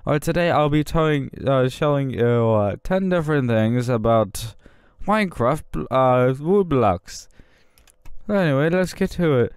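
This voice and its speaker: A man impersonating a well-known Minecraft YouTuber, giving a bouncy video intro in a high, sing-song voice. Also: animated, unhurried, clean tone, dry recording, close to an everyday voice. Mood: hyped.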